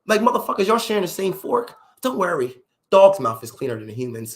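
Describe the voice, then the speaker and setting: A man delivering a profane, animated comedic rant on a livestream. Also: high voice, brisk. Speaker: livestream host.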